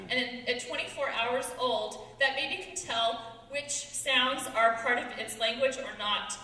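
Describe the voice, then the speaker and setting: A young woman in her twenties, a student giving an earnest, quick persuasive talk on stage. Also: sits high, pushed and bright, slight background noise. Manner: earnest, quick, laughing now and then. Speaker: student speaker. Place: large hall with audience. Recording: echoey hall from far off.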